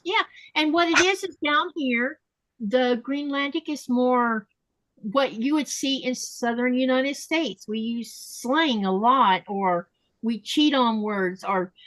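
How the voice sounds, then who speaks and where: A chatty woman hosts a laid-back podcast conversation in a slightly high voice, slowing down to spell out pronunciations and carefully repeating words. The audio is close and dry, free of room echo.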